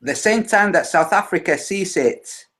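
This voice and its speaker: A man's voice: sits high, lively intonation, normal speed, a bit bright. A man presenting on a live video call, explaining step by step and often correcting himself. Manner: patient step-by-step explaining with frequent self-corrections.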